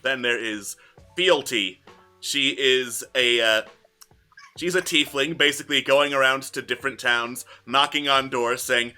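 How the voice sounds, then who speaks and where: A man's voice: medium pitch, measured pace, pushed and bright, faint music behind. A man in casual group chat, describing the characters of a campaign setting with a laid-back, jokey manner.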